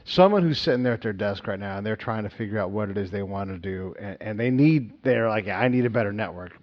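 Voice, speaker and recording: A man's voice: lowish voice, fast talker, dull audio. A man hosting a podcast interview, thinking aloud with restarts and backing the guest with frequent "yeah"s. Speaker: podcast host. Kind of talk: casual interview chat.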